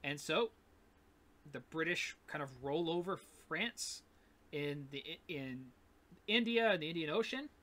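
A male teacher lectures on history in a casual, rambling manner, leaning on fillers and repeated "right?" checks. His voice sits a little high and sounds bright and forceful. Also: animated, unhurried. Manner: casual, repetitive, with many fillers and "gonna", "right?".

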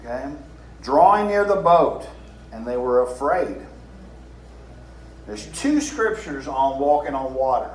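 A man's voice: medium pitch, very animated, slow, long pauses. A man in his fifties with a Southern US drawl, preaching an informal sermon and reading scripture. He talks in a folksy way, repeats phrases and asks the room questions. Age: 50s. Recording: echoey room with faint hiss.

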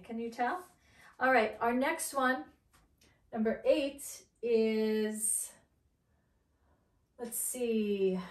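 A woman teaching English vocabulary in a playful way, acting out each feeling as she goes. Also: a little high. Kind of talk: animated vocabulary lesson. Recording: echoey room, mic at a distance.

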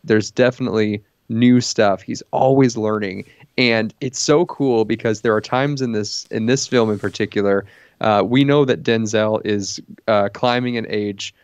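A man co-hosting a movie podcast, reviewing films in an animated, casual way with lots of restarts and laughs. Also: on the low side, normal speed, clean tone, dry recording, lo-fi sound. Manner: animated, stumbling restarts, laughs while talking. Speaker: podcast co-host.

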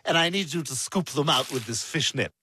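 A man's voice: on the high side, animated, brisk, pushed and bright, a little hiss or hum. A man voicing a pompous, bossy infant boy who is tipsy and giggly.

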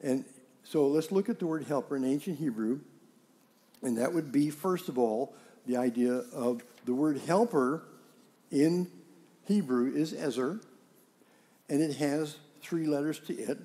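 A man's voice: on the high side, measured pace, long pauses, warm tone. A man preaching in a conversational way, teaching with rhetorical questions and acting out everyday dialogue to make his point. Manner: acts out quoted dialogue in scenes. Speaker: pastor. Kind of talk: sermon.

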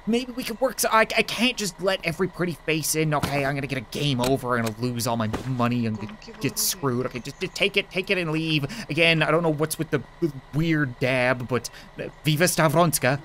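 A gaming YouTuber, a man, doing let's play commentary in a joking, excitable way, talking back to the characters on screen. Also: a little high, moderate pace, slight background noise.

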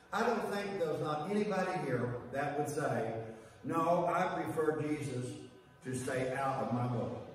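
A guest preacher delivers a sermon to a congregation in a church sanctuary, building his points through repeated phrases and now and then calling a listener "honey." His voice sits fairly high with a little hiss or hum, recorded from far off in an echoey church hall.

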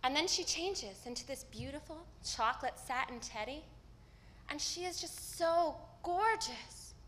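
A woman acting a stage monologue as a candid, wry woman recalling her teenage self, telling the story with vivid swings from hushed to loud. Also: sits high, expressive, a little slow, a little hiss or hum. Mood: fond recollection. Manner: storytelling with vivid shifts in loudness. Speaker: stage actor. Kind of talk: live theatrical monologue. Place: theater stage.

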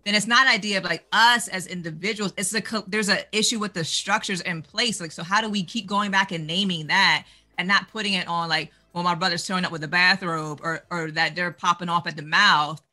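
A woman's voice: lowish voice, steady tone, a little fast, pushed and bright. A woman with a doctorate speaking on a panel discussion, passionate and outspoken.

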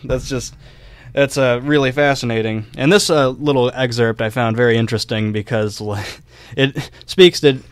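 Young man, podcast co-host, smooth clear voice, dry close sound, rambling storyteller. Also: mid-range voice, fairly even intonation, normal speed, dry recording. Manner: loose, filler-heavy storytelling with laughs. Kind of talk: casual history podcast chat.

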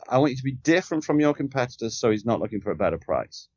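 A man's voice: medium pitch, very animated, fast talker, hardly any pauses, no room sound, highs cut off. A man who is a sales trainer and podcast guest, talking in an emphatic, coaching way and often firing off rhetorical questions. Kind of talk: conversational coaching.

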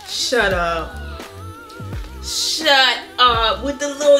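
A young woman gushing excitedly as she opens baby shower gifts in a casual vlog. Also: high voice, unhurried, music in the background. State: pregnant. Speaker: family vlogger opening baby shower gifts.

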